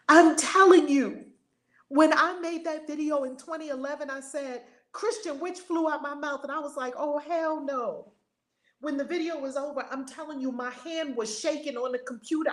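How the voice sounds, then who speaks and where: A middle-aged woman hosting a spiritual livestream, talking in an expressive, folksy way. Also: high-pitched. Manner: expressive, folksy, tearful at times. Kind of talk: casual emotional chat. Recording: roomy echo.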